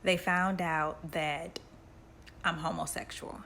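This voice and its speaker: A woman's voice: low-pitched, level tone, takes it slowly, vocal fry, pushed and bright, a little hiss or hum, full character voice. A woman voicing a hesitant young man. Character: young adult son, hesitant and subdued.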